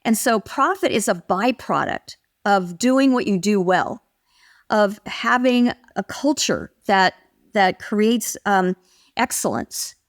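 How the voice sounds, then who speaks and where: An older woman speaks as a guest expert in a conversational interview. Her delivery is animated, and she slips into the voices of the people she quotes as she tells her stories. Her pitch sits in an ordinary middle range. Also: slow pace.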